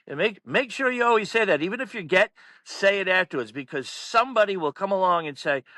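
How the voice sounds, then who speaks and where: A man, a powerlifting meet announcer, telling stories in casual chat, animated and laughing often. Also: sits high, brisk, no echo. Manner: animated, laughs through stories, acts out quotes loudly. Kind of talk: casual storytelling.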